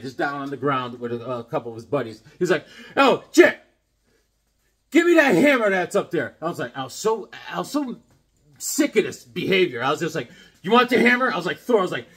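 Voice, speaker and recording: With a voice on the high side and a breathy edge, this middle-aged man talks casually about his newly acquired comics in an unboxing vlog. Full of enthusiasm, he rambles and performs character voices in his stories.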